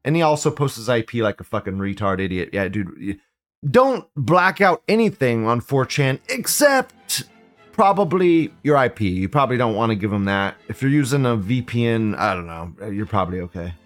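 Animated, crude male live-show host. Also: mid-range voice, normal speed, faint music behind. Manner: profane, mocking, rambling. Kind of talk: casual live commentary.

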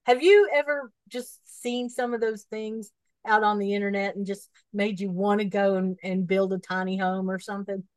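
A woman's voice: mid-range voice, steady tone, moderate pace, darkish tone, no room sound, rough recording. A woman co-hosting a podcast in easygoing casual chat, laughing often and reading out listings. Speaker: podcast co-host.

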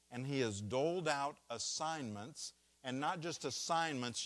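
A man preaches at a slow, careful pace, letting pauses sit between phrases. His voice sits in an ordinary middle pitch and rises in force when he stresses a point. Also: a bit bright. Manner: slow, deliberate preaching with stressed key words. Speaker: pastor. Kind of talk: sermon.

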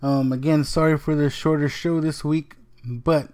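Rambling man with a mellow voice. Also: on the high side, level tone, normal speed, clear, resonant tone. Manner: rambling, many ums, swears casually. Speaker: podcast host. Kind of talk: casual solo podcast talk.

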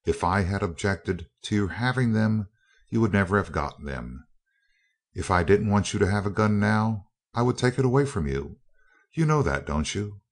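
A man reading the lines of a cold, calm male scientist villain in an audiobook, speaking evenly and clipped. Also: fairly low pitch, moderate pace, voice pushed up. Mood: coldly calm. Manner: cool, even and clipped. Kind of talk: audiobook character voice.

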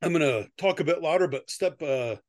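A man's voice: fairly high pitch, expressive, fairly quick, dry recording, clean studio sound. Rambling, chuckling middle-aged man. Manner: rambling, laughs often, many restarts. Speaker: podcast co-host. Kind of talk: casual chat and story reading. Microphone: close podcast mic.

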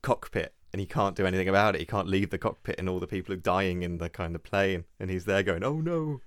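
A man, chatting casually and telling rambling, animated stories as a podcast co-host. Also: low-pitched, fast, no room sound, studio quality. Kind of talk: casual chat.

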